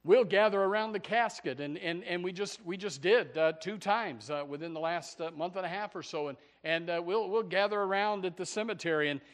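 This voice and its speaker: High-pitched fiery preaching man. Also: brisk, few pauses. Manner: fiery preaching, swinging from loud shouts to hushed lows; stammers and repeats words. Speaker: pastor. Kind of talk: sermon.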